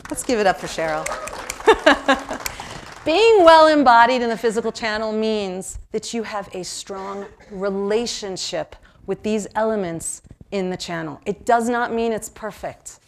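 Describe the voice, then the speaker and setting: A woman from New York leading an interactive seminar, talking lively and asking the audience questions. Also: medium pitch, measured pace, slight background noise. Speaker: workshop presenter.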